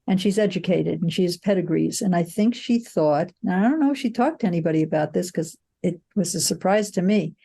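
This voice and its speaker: Older female producer; low, mellow, thoughtful storyteller. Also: expressive, brisk, creaky, hardly any pauses, breathy edge. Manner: reflective storytelling, frequent "you know" and restarts. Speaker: film producer, guest. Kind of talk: candid interview answers.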